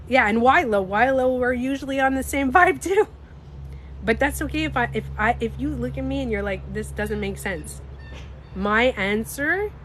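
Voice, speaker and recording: A woman with a somewhat high voice and a slightly stuffy nose, talking casually on a livestream. She is animated and emphatic, swears freely and speaks straight to her viewers. A faint hum of background noise sits behind her. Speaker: livestreamer and beauty coach.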